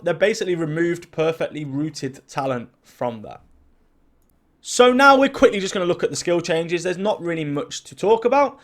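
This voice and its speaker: A man with a fairly high voice runs through game update notes in a casual, chatty way. He gets excitable and throws in quick personal asides between the items he reads out. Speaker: gaming YouTuber. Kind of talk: casual patch-notes commentary. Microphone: desk mic at a home gaming setup.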